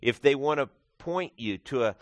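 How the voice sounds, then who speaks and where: A man's voice: medium pitch, animated, moderate pace, dry recording. A male pastor giving a conversational sermon, explaining scripture with casual asides. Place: church.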